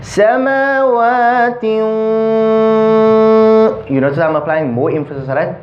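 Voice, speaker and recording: A man's voice: fairly high pitch, fairly quick, roomy sound, dull audio, music in the background. A man teaching a Quran recitation class, patiently coaching pronunciation and explaining rules between chanted verses. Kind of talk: recitation class with call and response.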